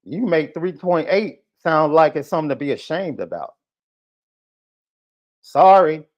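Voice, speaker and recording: A podcast host with a slightly high, very animated voice rants heatedly at a viewer at a moderate pace. He is combative, taunting, and repetitive in this live podcast tirade, and the stream audio sounds muffled and lo-fi.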